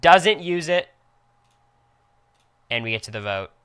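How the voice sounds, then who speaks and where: Young male streamer, bright and crisp, casual reactive commentary. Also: on the high side. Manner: quick, reactive play-by-play with excited outbursts.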